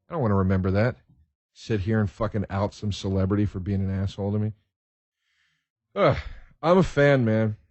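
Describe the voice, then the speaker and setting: A man hosting a podcast, telling stories in a casual, profane, excitable way and laughing as he talks. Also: on the low side, no echo, lo-fi sound. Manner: profane, excitable storyteller who laughs mid-sentence. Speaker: podcast host. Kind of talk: casual storytelling.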